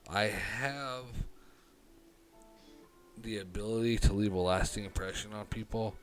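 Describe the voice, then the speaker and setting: Slow-talking man with a southern drawl. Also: lowish voice, fairly even intonation. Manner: rambling, halting, with many restarts and swearing. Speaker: streamer. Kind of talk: casual live-stream monologue. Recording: loud music behind the voice.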